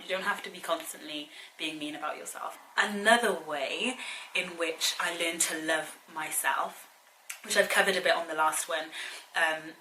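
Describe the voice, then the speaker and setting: A woman's voice: fairly low pitch, pushed and bright, slight background noise. A young woman talking casually to her viewers, earnest and chatty, often challenging them directly. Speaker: vlogger. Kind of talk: casual advice vlog. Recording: echoey room.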